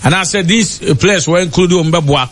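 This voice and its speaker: A man giving football radio analysis in a halting way, with many fillers. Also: sits high. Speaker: match analyst.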